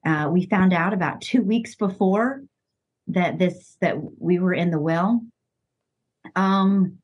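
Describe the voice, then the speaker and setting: Middle-aged woman, podcast guest, husky, unhurried, heartfelt and halting, lots of restarts. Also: fairly low pitch, darkish tone, highs cut off. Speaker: coach's wife and podcast guest. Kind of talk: emotional personal storytelling.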